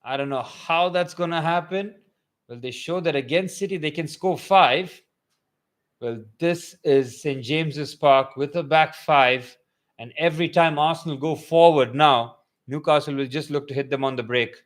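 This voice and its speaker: A young man, fairly high in pitch and speaking at a moderate pace, commentates a match live for fans watching along. He moves from calm play-by-play to sudden loud, excitable bursts.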